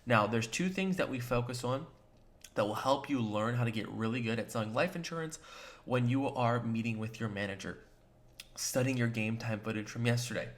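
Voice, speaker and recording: A man's voice: mid-range voice, moderate pace. Emphatic man coaching new salespeople. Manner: emphatic and direct, addressing the listener as "you"; acts out short quoted lines with shifts in tone. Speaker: sales trainer and agency co-founder. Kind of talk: motivational coaching talk to camera.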